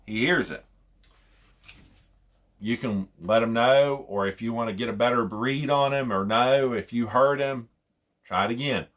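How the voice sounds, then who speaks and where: A young man, a hunting call instructor, casually explains and demonstrates calls, rambling, repeating phrases, and imitating owl hoots. His medium-pitched voice is a bit bright and unhurried, with long pauses.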